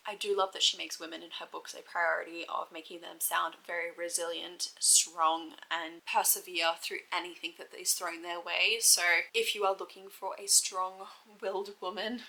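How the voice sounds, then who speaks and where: A woman's voice: fairly low pitch, vocal fry, pushed and bright, poor audio. A young Australian woman chatting casually and gushing about books she has read, laughing often. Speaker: book vlogger. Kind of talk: casual chat.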